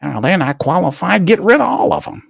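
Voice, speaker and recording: Guy putting on a whiny high tyrant king, bossy and petty, throwing everyone out. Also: very animated, brisk, gravelly, husky, dry recording, studio quality, exaggerated voice. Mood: ranting. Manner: whiny, ranting, dismissive. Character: arrogant, vengeful male tyrant king.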